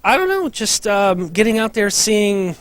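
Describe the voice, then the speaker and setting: A middle-aged professor talking casually about his past, modest and rambling with plenty of fillers. His voice is a little high for a man. It swings up and down a lot. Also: sing-song, measured pace, fairly bright tone, no echo. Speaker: professor and former science fair winner. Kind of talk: casual interview.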